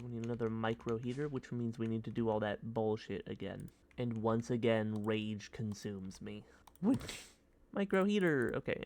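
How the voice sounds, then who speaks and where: Young male streamer, mid pitch, silly rambling game commentary, keys clacking. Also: a little mellow. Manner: silly, rambling, bursts into high yelps. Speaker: gaming streamer. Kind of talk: casual gameplay commentary.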